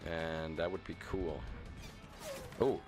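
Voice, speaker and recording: A man's voice: extremely low pitch, fairly even intonation, slow pace, over music. A man from Germany chatting casually while streaming a video game, rambling with chuckles and frequent restarts. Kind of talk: casual gaming stream commentary.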